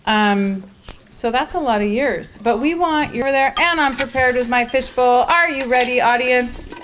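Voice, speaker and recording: A woman with a high voice hosts a live storytelling event and introduces the next speaker. She banters playfully with the audience. Noticeable background noise runs under her voice. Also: moderate pace, fairly bright tone. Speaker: event host.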